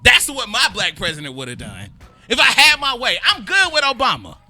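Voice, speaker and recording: A man's voice: extremely high pitch, wildly swooping pitch, brisk, bright, forceful tone, faint music behind. A man hosting a talk show, ranting in a fired-up, repetitive way with an Atlanta accent. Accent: Southern US, Atlanta. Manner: fired-up, repeats phrases, drawls and curses when frustrated. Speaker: podcast host. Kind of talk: heated casual chat.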